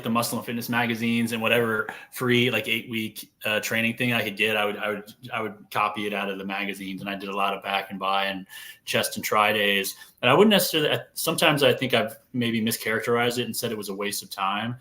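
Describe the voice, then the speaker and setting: Male podcast host, lowish bright voice, relaxed and thinks aloud. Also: a little fast. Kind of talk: casual podcast chat.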